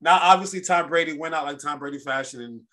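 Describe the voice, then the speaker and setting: A man hosting a casual sports podcast, telling stories in an animated, rambling way with lots of restarts. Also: on the high side, quick pace. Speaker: podcast host.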